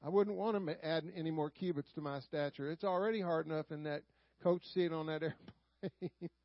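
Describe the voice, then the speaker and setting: A man's voice: on the high side, moderate pace, dry recording, lo-fi sound. A man with a Southern drawl, preaching a folksy sermon and calling out "Amen?" to the congregation.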